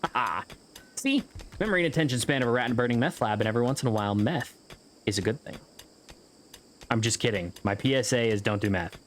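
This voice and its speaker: A man's voice: medium pitch, expressive, fast talker, pauses often, slight background noise. A man giving casual, rambling gameplay commentary, joking around and swearing freely as he plays. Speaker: gameplay video host.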